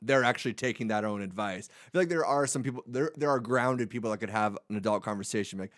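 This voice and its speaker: A man's voice: lowish voice, quick pace, hardly any pauses, dry recording, studio quality. A man hosting a podcast, talking in a reflective, loose and rambling way during casual chat. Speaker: podcast host.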